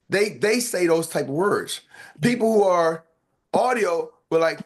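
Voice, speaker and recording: A man with an American accent coaching salespeople on a live call, playful and animated, acting out lines and sound effects. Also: high voice, normal speed.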